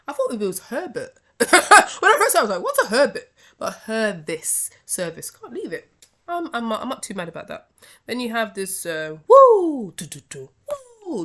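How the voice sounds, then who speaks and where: A British woman hosting her own wrestling review channel, giving a heated, scolding rant in a casual talking style. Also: lowish voice. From United Kingdom. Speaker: wrestling commentary vlogger.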